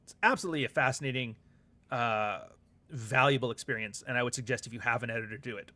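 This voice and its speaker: An author and livestream host, this man has a mid-range voice that is bright and forceful, and he talks at a quick pace. His loose livestream chat rambles from topic to topic as he swears freely. He laughs often and reads viewer comments aloud along the way.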